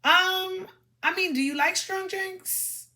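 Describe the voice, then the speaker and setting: A woman voicing a man at a bar who offers to buy a drink, in a smooth, accommodating manner. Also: extremely high pitch, slow, pushed and bright, pitched above the performer's own voice, full character voice. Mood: obliging.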